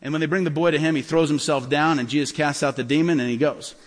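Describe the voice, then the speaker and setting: High-voiced pastor preaching in a reverberant hall. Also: male voice, quick pace. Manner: animated, acts out dialogue in stories. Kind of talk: sermon with storytelling.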